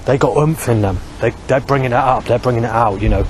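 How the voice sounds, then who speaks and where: Traffic and street noise surround this outdoor clip of a middle-aged male vlogger talking fast at medium pitch. His monologue rambles and meanders, broken by frequent restarts and swearing.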